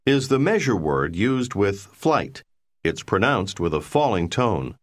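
Slow, low-voiced male lesson narrator. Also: big pitch swings. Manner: clear, measured explanations. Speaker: language course narrator. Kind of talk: scripted instructional narration.

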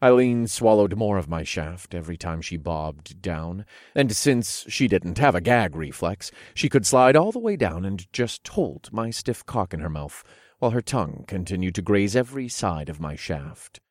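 A man narrating an erotic story in the first person, in a low, hushed, unhurried way, recorded close and dry. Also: very animated, no room sound.

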